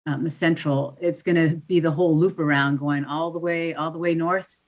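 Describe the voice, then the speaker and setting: A woman's voice: sits low, fairly even intonation, normal speed. A woman commissioner speaking in a public meeting, thoughtful and plainspoken. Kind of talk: meeting discussion.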